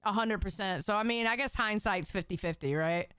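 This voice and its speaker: Crisp, dry voice of a swearing woman streamer. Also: mid-range voice, brisk, a bit bright, no echo. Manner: loose, profane, repeats herself. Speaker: streamer reacting. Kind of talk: casual live-stream commentary.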